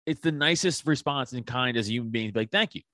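Profane, animated storyteller, a man. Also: medium pitch, fast talker, dry recording, clean studio sound. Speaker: podcast guest. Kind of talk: casual chat, telling a story.

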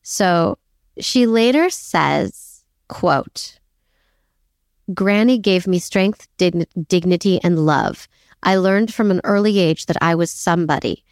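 A woman's voice: lowish voice, takes it slowly, no room sound, studio quality. A woman co-hosting a casual history podcast, chatty and self-deprecating, laughing often as she tells the story. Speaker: podcast co-host.

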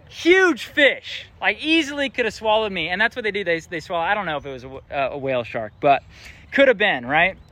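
A man's voice: high voice, pushed and bright. A young man preaching a casual sermon, often asking the audience questions. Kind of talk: interactive sermon.

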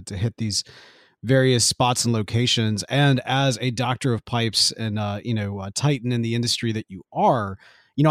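A man's voice: medium pitch, dry recording, clean studio sound. A man hosting a podcast in casual chat, joking with many fillers and restarts. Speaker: podcast host.

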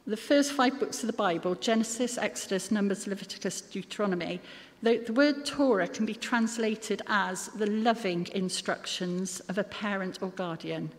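A woman's voice: medium pitch, darkish tone. Woman preaching in a reverberant hall. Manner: earnest, self-deprecating asides. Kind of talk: sermon.

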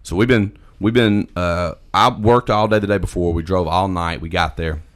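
A man telling a long story in casual chat, animated, swearing and quoting his friends. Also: low-pitched, moderate pace.

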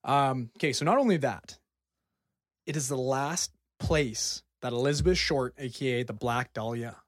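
A man hosting a casual podcast, excitedly presenting his research as he talks and swearing casually. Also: mid-range voice, moderate pace, dry recording, studio quality.

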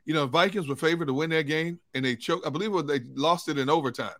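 Stat-quoting sports reporter, dry sound. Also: male voice, on the high side, fast, fairly bright tone, no echo. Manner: rattles off stats and facts. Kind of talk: casual sports talk.

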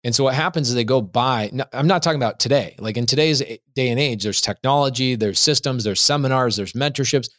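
A man on a podcast as the guest, telling a business story in an emphatic, quick way and acting out what people said. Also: medium pitch, a bit bright, dry recording, clean studio sound. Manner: emphatic, fast, acts out quotes. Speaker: podcast guest, real estate investor. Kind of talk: animated interview storytelling.

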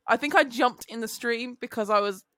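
A woman's voice: on the high side, moderate pace, a bit bright, no echo, clean studio sound. A woman co-hosting a podcast, telling stories casually, laughing often and swearing lightly. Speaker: podcast co-host. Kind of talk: casual chat.

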